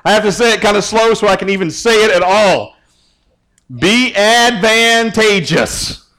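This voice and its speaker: A youth pastor gives a relaxed sermon. He teases his listeners and keeps throwing questions at them, his voice sitting slightly high for a man. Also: fast. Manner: joking, teasing, asks the group questions.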